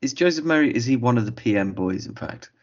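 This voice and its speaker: A man co-hosting a casual film podcast, chiming in with quick, wry remarks. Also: medium pitch, expressive. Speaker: podcast co-host. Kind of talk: casual film review chat. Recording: dull lo-fi audio.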